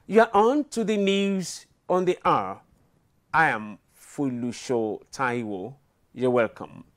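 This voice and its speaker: A Nigerian man anchoring a television news bulletin, reading in a measured, formal way. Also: medium pitch, expressive, fairly bright tone.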